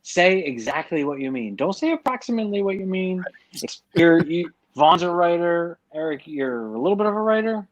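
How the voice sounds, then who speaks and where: A man's voice: high-pitched, sing-song, normal speed, no echo, low-quality recording. A man from New Jersey in casual podcast chat, blunt and opinionated, laughing often as he talks.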